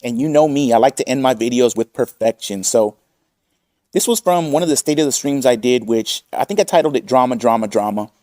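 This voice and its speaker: A man's voice: mid-range voice, brisk, mellow, dry recording, clean studio sound. A man hosting a commentary channel, combative and profane as he reads out and mocks chat messages. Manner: combative, swearing, reads chat quotes aloud.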